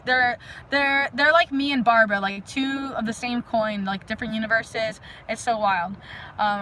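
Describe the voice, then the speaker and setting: Energetic rambling woman livestreaming outdoors. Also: fairly high pitch, slight background noise, rough recording. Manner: energetic, rambling, loud outbursts; frequent "like" fillers. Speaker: livestream host. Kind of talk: casual live-stream chat with viewers. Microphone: phone live stream.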